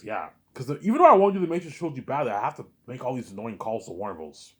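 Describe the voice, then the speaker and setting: A man hosting his own listening series, talking in a rambling, excited way, stumbling over repeated words and often asking "you know what I'm saying". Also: mid-range voice, fast talker. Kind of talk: rambling casual monologue.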